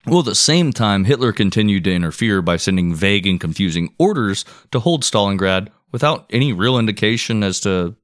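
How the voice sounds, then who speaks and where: Low-voiced man narrating history casually. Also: lively intonation, brisk, hardly any pauses, no room sound, studio quality. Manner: reads out history notes, laid-back and profane. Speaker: podcast co-host.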